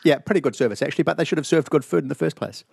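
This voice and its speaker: Profane, animated New man, gravelly. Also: fairly high pitch, rapid-fire, dry recording, clean studio sound. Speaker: podcast host. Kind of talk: casual chat. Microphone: online call mic.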